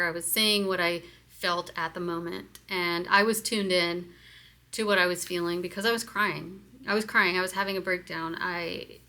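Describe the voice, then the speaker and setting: A woman's voice: lowish voice, pushed and bright. A woman giving a candid, hesitant self-help lesson, with many fillers as she explains step by step. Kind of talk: casual personal instruction video.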